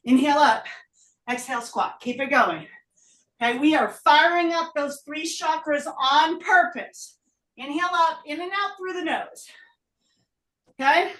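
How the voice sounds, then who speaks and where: A woman teaching a live yoga class, out of breath, calling breath and pose cues with brisk energy. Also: sits high, a bit bright. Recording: roomy echo, voice from a distance.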